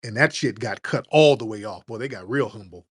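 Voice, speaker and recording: A man from the United States hosting a comedic rant, with profane, animated, mocking storytelling. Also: lowish voice, fairly quick, husky. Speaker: host.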